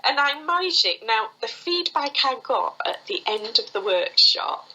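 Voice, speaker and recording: A woman, a foot reading teacher telling stories quickly and with animation as a guest in an interview, often laughing. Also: sits high, big pitch swings, sharp tone, a little hiss or hum, rough recording. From England. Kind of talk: conversational storytelling interview.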